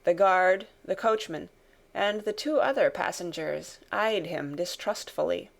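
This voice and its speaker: A woman narrating a classic novel as an audiobook, in a steady, measured storytelling voice. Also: on the low side, gravelly. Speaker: audiobook reader.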